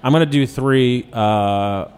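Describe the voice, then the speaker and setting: A man's voice: mid-range voice, slow pace, darkish tone, clean tone. A man in his thirties from Chicago hosting a radio show in casual, joking, self-mocking chat. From Chicago, USA.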